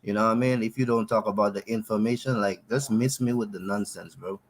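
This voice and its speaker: A man's voice: on the low side, steady tone, brisk, rough recording. A man on a live online panel, blunt and dismissive, talking in casual street slang. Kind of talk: casual call-in chat.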